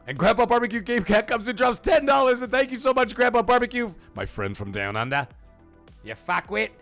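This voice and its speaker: Reading chat messages aloud on his livestream, a male host laughs and swears freely in casual conversation. His voice is on the high side and a bit bright.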